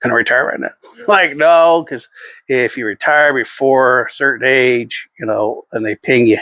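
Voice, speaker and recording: A man's voice: medium pitch, moderate pace, pushed and bright, dry recording, highs cut off. Rambling middle-aged man, blunt and profane. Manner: rambling, profane, chuckles often. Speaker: vlogger. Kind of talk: casual monologue.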